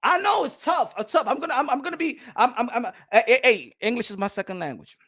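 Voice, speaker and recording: A man from New York whose first language is Spanish, hosting a boxing talk show and ranting passionately to his panel, repeating himself and shouting at times. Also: very high-pitched, lively intonation, fast talker. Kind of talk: livestream panel monologue.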